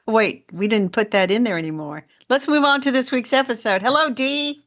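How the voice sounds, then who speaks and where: A woman from Indiana co-hosting a casual gardening podcast, telling stories in a chatty, animated way. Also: a little high, moderate pace, hardly any pauses. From Indiana, USA. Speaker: podcast co-host.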